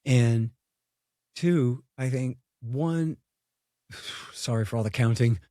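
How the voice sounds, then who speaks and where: A man's voice: mid-range voice, slow pace, dark tone, dry recording, studio quality. A man giving a blunt, digressive interview answer, with many fillers and lost threads as he talks. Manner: blunt, digressive, loses his count, fillers. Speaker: guest foreign policy commentator. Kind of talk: unscripted interview talk.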